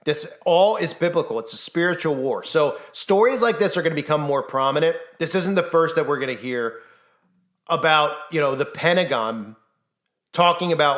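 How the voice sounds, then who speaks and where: A man's voice: on the high side, animated, moderate pace, a bit bright. A man talking to camera on his own channel, urgent and insistent, firing off rhetorical questions and acting out the voices he quotes. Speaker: Christian YouTuber. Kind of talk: impassioned monologue.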